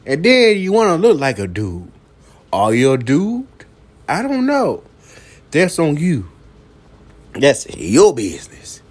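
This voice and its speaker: A man hosting a late-night solo podcast, talking slowly and profanely and returning again and again to one catchphrase. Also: on the high side, huge pitch swings, slightly rough. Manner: slow, profane, repeats a catchphrase; coughs now and then. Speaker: podcast host. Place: downtown building at night.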